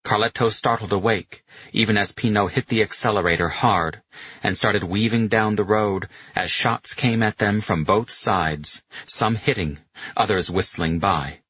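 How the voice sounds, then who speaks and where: A man's voice: on the low side, unhurried, fairly bright tone, breathy edge, muffled recording. A man narrating a novel as an audiobook reader, telling it steadily and voicing the characters' lines. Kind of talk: scripted narration.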